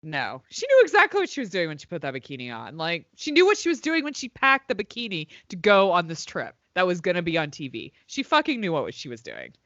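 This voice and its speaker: Casting: woman, lower voice with animated swings, dry lo-fi podcast audio. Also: no echo. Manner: quick agreeing interjections, sweary. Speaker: podcast co-host. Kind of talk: casual chat.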